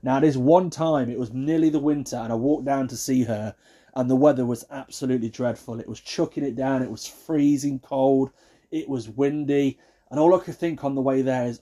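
A man ranting in a comic, exasperated way, jumping between hushed asides and loud outbursts. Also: mid-range voice, brisk. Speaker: vlogger. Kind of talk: comic rant to camera.

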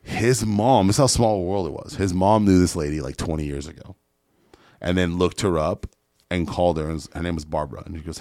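A man's voice: low-pitched, fairly quick, darkish tone, no room sound, studio quality. A man who is a guest entrepreneur, telling a story in a casual podcast chat. He is blunt and swears a lot, and he acts out the other people's lines.

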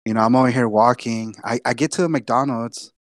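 A man's voice: mid-range voice, fairly even intonation, brisk, dry recording, clean studio sound. A young man from Texas telling a long personal story on a podcast, casual and profane, often repeating himself. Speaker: podcast co-host.

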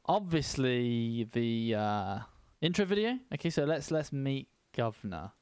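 A man's voice: mid-range voice, lively intonation, a little slow, darkish tone, clean tone, dry recording. A man hosting a casual streaming podcast chat, rambling along with fillers and restarts. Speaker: podcast host.

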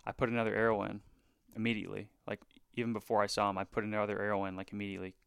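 A man recounting a bowhunt in a casual podcast chat, animated and full of fillers, sometimes dropping into hushed asides. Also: on the low side, very fast, vocal fry, clean tone, no echo. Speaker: bowhunter guest.

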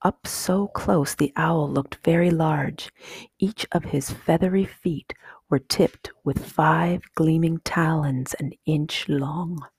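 A woman reading a children's story aloud in a slow, hushed, soft whispered storybook style, husky in tone. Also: sits low, fairly even intonation, no echo.

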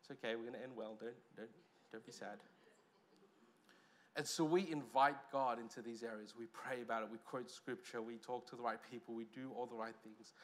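A man with an Australian accent preaching a sermon as pastor, lively, with loud stresses and quiet asides. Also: medium pitch, a little fast, a little hiss or hum.

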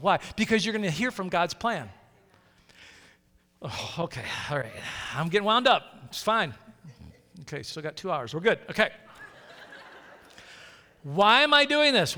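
A middle-aged man preaching as a guest pastor, animated and quick to act out inner voices and question the crowd. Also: extremely high pitch. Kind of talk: sermon. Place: church hall. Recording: long hall reverb.

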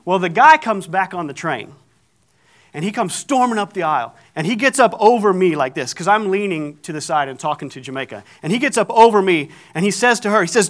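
Animated storytelling preacher, a man. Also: sits high, a little fast. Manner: animated, acts out the people in his story. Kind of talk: storytelling sermon.

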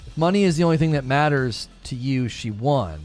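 A man's voice: expressive, a little fast, a little mellow, faint music behind. A man delivering emphatic opinion commentary, repeating and restarting his points and getting more heated as he argues. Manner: grows more heated and rises in pitch as he argues.

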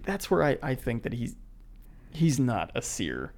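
A man co-hosting a casual podcast, relaxed as he reads out history facts and then riffs on them. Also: mid-range voice, a little slow, creaky. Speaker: podcast co-host presenting history.

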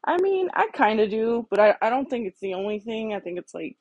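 Husky, blunt, foul-mouthed woman. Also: a little high, sing-song, brisk, darkish tone, no echo, highs cut off. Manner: blunt, heavily profane, ranting. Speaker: podcast host. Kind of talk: casual solo monologue. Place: garage.

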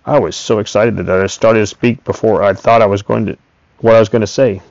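A man reading a first-person story aloud in a steady, plain way. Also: fairly low pitch, fairly quick, vocal fry, no echo. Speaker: audiobook reader. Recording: dull, dry recording.

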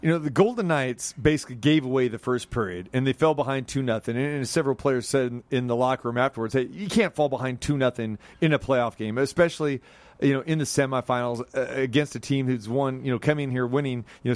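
A man's voice: mid-range voice, fairly quick, no room sound. A man hosting a sports radio show, chatting casually, joking and rambling about hockey. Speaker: radio sports talk host.

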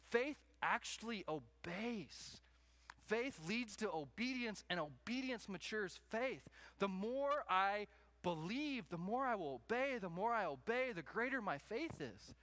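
A man delivering a sermon with a high, bright voice. He preaches in an animated way, jumping into raised voices to act out everyday scenes for the congregation. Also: no room sound. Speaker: pastor.

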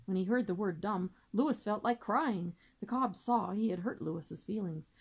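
A woman teacher reading a children's book aloud with gentle, steady storytelling. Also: mid-range voice, unhurried, husky, poor audio.

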